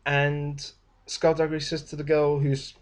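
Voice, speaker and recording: A man's voice: fairly high pitch, completely flat delivery, unhurried. A young man talks through a book review. He rambles loosely, trails off, backtracks and starts again. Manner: rambling, with many fillers and restarts. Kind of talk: casual spoken book review.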